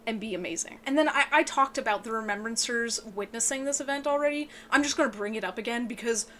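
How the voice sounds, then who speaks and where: An excitable woman giving an emotional, casual book review, swearing often and sounding tearful. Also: fast, a little hiss or hum. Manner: excitable, swears a lot, voice breaks into high yelps.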